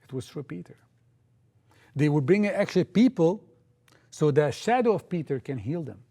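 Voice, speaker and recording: A man preaching a sermon, emphatic, often repeating key phrases and sometimes halting and restarting. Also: fairly high pitch, animated, mellow.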